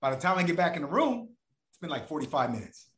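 A man's voice: fairly high pitch, quick pace, roomy sound. A man telling a long personal story in casual, profane talk, acting out the voices of the people in it. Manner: animated, profane, acts out voices of others.

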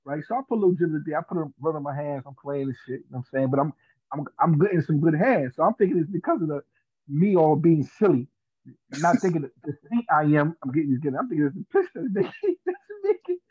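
Animated storytelling man, phone-like sound. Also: fairly high pitch, fast talker, breathy edge, dry recording. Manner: animated, laughing storyteller with street slang. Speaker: podcast guest. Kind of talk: casual storytelling. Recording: dry tinny phone-like sound.

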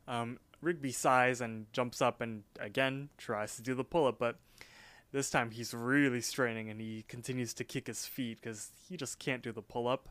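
A man co-hosting a podcast, casually recapping a cartoon episode in a relaxed, chatty way. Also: medium pitch, a little fast, no room sound. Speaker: podcast co-host.

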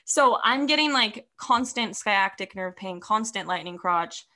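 A young woman telling a story in casual chat, animated and full of "like" fillers. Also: medium pitch, a little slow.

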